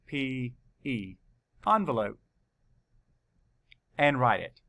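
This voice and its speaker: A man teaching a spelling lesson to children, spelling words out letter by letter in a slow, deliberate way. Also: medium pitch, animated, fairly bright tone.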